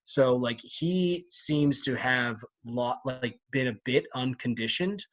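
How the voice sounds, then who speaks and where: A man's voice: medium pitch, slow pace, a bit bright. A man co-hosting a casual book club podcast, chatty and easygoing, often laughing as he leads the discussion. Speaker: podcast co-host.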